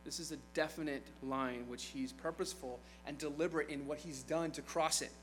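A man's voice: fairly high pitch, steady tone, fairly quick, soft background music, low-quality recording. A man preaching a sermon in a conversational way, retelling scripture with playful asides.

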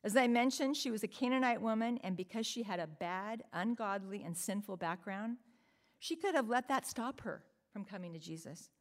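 A woman's voice: mid-range voice, lively intonation, moderate pace. A woman preaching a sermon in an earnest, emphatic way, often asking the listeners rhetorical questions.

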